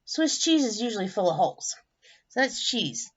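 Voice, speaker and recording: A woman teacher reading a picture book aloud to children, animated and chatty, with friendly asides. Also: mid-range voice, moderate pace, slightly rough. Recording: dull lo-fi recording.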